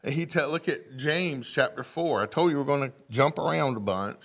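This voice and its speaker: Male pastor preaching, mid-pitched, reads scripture and asks the congregation questions. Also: moderate pace, gravelly, fairly bright tone. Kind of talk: sermon. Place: church sanctuary.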